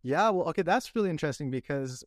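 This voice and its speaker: A young man hosting a podcast, chatting in a relaxed way and asking his guest questions. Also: a little high, quick pace, dry recording, clean studio sound. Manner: relaxed and conversational, asks questions. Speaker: podcast host. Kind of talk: casual podcast chat.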